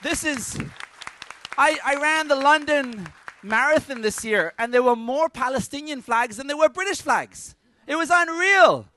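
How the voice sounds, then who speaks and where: High, bright-voiced man giving an energetic talk. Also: unhurried, some chatter behind. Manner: energetic and joking, punchy asides. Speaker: conference speaker. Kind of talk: lively conference talk. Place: conference stage with a live audience.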